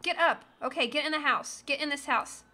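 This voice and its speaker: High, bright-voiced goofy woman gamer. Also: fairly even intonation, fairly quick. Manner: goofy, sings and hums while playing. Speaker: streamer playing a video game. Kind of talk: casual gaming chat.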